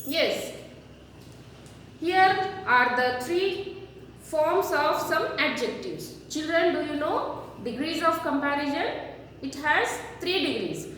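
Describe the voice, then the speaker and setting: High-voiced lady teacher talking real slow, far off the mic, long echo. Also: lively intonation, fairly bright tone, slight background noise. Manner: slow, repeats word forms for children. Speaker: schoolteacher. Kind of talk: classroom grammar lesson. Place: classroom. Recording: echoey room, far from mic.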